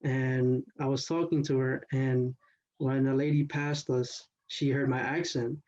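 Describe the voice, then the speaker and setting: A man's voice: mid-range voice, flat delivery, unhurried, a little mellow, lo-fi sound. A teenage boy retelling a partner's story in first person, talking loosely with lots of "like" and "you know". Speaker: student storyteller.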